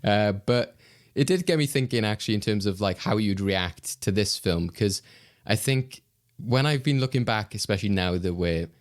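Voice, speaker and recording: Low-voiced, jokey male podcast host. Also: lively intonation, normal speed. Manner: jokey, laughs often, rambling with fillers. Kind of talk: casual film podcast chat.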